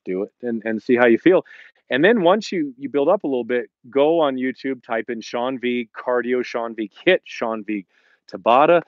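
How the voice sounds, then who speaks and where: A man's voice: medium pitch, no room sound, muffled recording. A middle-aged man who hosts and teaches fitness, chatting casually on a live stream in a rambling way and acting out the lines he quotes. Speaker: fitness instructor and host. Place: home in the Colorado mountains.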